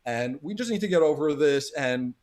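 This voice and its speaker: A man's voice: fairly high pitch, animated, normal speed, darkish tone. A man, a guest on a casual livestream chat, speaking articulately and with firm opinions.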